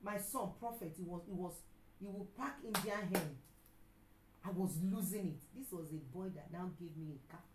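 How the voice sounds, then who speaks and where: A middle-aged Nigerian woman preacher and counselor giving an emphatic sermon. She repeats her key lines and sometimes breaks into loud outbursts. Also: on the low side, normal speed, echoey room, noisy background. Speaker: pastor and counselor.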